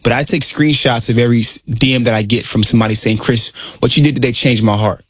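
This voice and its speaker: An earnest man in his thirties speaks as a guest in a relaxed interview. His voice sits at a middle pitch, and he slips into other people's voices when he tells a story. The sound is dry and close. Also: quick pace, breathy edge, no echo. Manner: earnest, animated storyteller who acts out quotes. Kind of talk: casual interview talk.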